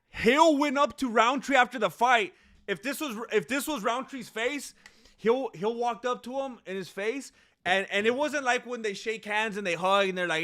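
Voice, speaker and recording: A man commentating on a fight in a live reaction stream, excitable, breaking into sudden shouts and doing goofy impressions of the fighters. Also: sits high, normal speed, no room sound, studio quality. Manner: mimics fighters in goofy voices.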